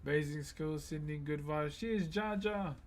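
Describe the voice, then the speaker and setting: A man's voice: a little high, unhurried, slight background noise. A man who carves wood on a live stream, chatting in a laid-back way and calling viewers "bro". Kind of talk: casual live-stream chat.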